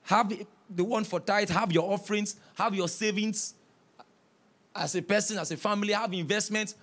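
A male pastor preaching a sermon, telling stories with quoted dialogue and rising to shouts. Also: high voice, moderate pace. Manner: storytelling, animated, rising to shouts.

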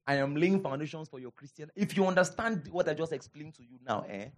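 A man with a Nigerian accent preaching a sermon as pastor, animated, repeating his lines for emphasis and calling out to the congregation. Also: on the high side, fast.

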